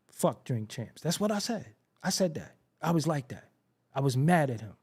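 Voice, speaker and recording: A man's voice: fairly high pitch, very animated, moderate pace, a little mellow, husky. A man hosting a hip-hop talk show, telling stories in a casual, streetwise way full of slang, repeats and emphatic asides. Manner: frequent profanity and slang. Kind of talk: casual commentary monologue.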